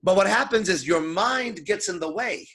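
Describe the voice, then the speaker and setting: A man's voice: sits high, lively intonation, normal speed, fairly bright tone. A man coaching seduction in a crude, emphatic lecture, swearing constantly and acting out his own thoughts. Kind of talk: profane motivational lecture.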